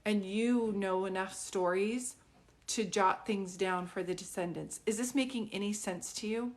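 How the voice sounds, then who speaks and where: A woman's voice: mid-range voice, unhurried. A woman working as a psychic medium, giving a live reading in a rambling, conversational way, full of fillers and often checking whether her words make sense. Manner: keeps checking if it makes sense; earnest, pleading tone.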